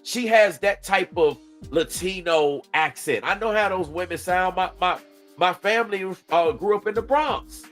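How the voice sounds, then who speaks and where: A man's voice: high voice, normal speed, a bit bright, soft background music. A man from Georgia, hosting a mocking reaction commentary and talking back to the clip and his chat. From Georgia, USA. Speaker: commentary host. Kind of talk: reaction commentary on a played video.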